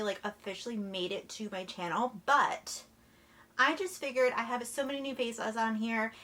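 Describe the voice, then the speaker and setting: A woman's voice: fairly high pitch, fairly bright tone. A young woman from New Jersey, chatting casually to her camera while she eats, bubbly and full of "like" and "literally.". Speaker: YouTuber. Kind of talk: casual chat while eating. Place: alone in a room at home.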